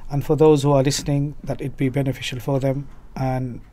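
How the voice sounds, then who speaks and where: A man from Leicester, a religious scholar, speaking as a guest in a measured, formal way. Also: mid-range voice, flat delivery, mellow. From Leicester, England. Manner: measured, formal, opens with Arabic phrases. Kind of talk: podcast interview.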